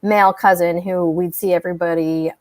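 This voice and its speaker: A woman's voice: on the low side, fairly even intonation, fairly quick, darkish tone, no room sound. Chatty woman, dry close sound. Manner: chatty, laughs easily, rambling. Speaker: panel guest. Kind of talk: casual panel discussion.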